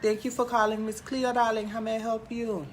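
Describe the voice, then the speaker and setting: A man's voice: high-pitched, flat delivery, a little fast, noisy background, lightly acted. A man voicing a brash, flamboyant female psychic hotline host with a drawl who says "darling" constantly. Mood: sassy. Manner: drawling, peppers every line with "darling".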